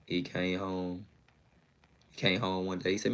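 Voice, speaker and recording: A man's voice: sits low, moderate pace, long pauses, fairly bright tone. A man telling a long personal story in a casual, slangy, rambling way, often checking in with his listener. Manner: slangy, rambling, fond of "you know what I'm saying".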